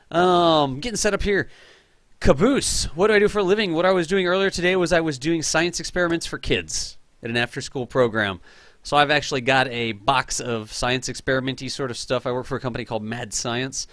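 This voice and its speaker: A young man hosting a live game stream, chatting casually and excitably while reading chat aloud. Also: medium pitch, no room sound.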